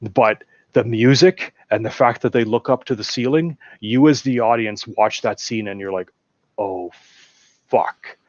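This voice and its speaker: A man's voice: mid-range voice, moderate pace, hardly any pauses, no room sound, lo-fi sound. A male guest in a casual film chat who talks with animation and acts out lines of movie dialogue. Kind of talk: casual chat about films.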